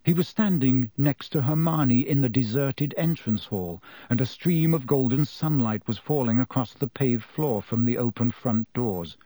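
A man's voice: mid-range voice, normal speed, hardly any pauses, mellow, no room sound. A man reading a children's fantasy novel aloud as narrator, telling the story expressively. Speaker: audiobook narrator. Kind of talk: scripted narration.

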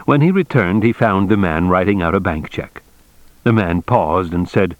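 A man narrating an audiobook in a measured, even storytelling manner. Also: sits low, no echo, highs cut off. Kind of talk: scripted narration.

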